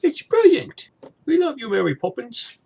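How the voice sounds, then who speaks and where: A man's voice: very high-pitched, sing-song, moderate pace, creaky, darkish tone, breathy edge, voice pushed up, exaggerated voice. A man doing a gushing Cockney bloke. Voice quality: exaggerated bad Cockney accent. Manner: gushing, sing-song. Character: chirpy British man bragging about a camera hack.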